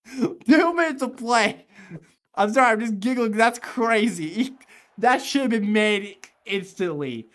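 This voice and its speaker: A woman calling a basketball game live from a home streaming setup, close on her microphone. Her voice sits a little high and she talks at an unhurried clip. She is excitable, piles on repeated exclamations and breaks into sudden shouts. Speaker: sports commentator. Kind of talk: live play-by-play commentary.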